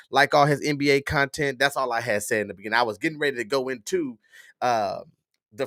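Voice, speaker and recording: A man's voice: medium pitch, a bit bright, dry recording, clean studio sound. A man with a stuffy nose hosting a casual livestream, talking straight to his viewers. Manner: chatty, talks straight to viewers, restarts and fillers. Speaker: livestream host.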